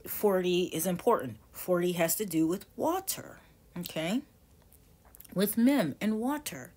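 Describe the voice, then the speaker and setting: A woman's voice: on the low side, expressive, measured pace, darkish tone. A woman in her forties teaching tarot casually, rambling and correcting herself as she goes. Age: 40s. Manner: rambling, self-correcting, chatty.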